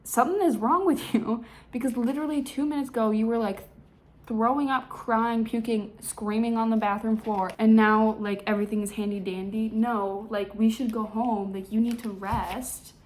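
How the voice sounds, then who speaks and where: An exasperated young woman scolds her friend in a raised, incredulous voice that jumps higher, as a woman acts her out. She is blunt and no-nonsense. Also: fairly even intonation, moderate pace, natural voice.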